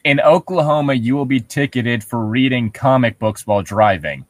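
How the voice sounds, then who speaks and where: A man's voice: mid-range voice, moderate pace, dry recording. A man co-hosting a casual podcast, joking, laughing often and reading excerpts aloud. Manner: jokey, laughs a lot, reads excerpts aloud. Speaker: podcast co-host.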